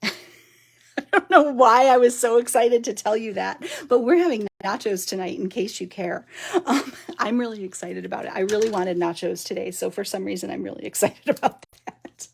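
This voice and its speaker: Casting note: woman crafting on a live stream, punchy, giggly, gravelly edge to her voice. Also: medium pitch, moderate pace. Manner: chatty and giggly, talks to viewers while working. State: overtired and punchy. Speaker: papercraft demonstrator.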